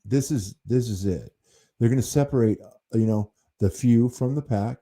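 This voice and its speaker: A man's voice: mid-range voice, moderate pace, mellow. An American man hosting a livestream, talking in an indignant, rambling way, full of fillers and restarts. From United States. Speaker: livestream host.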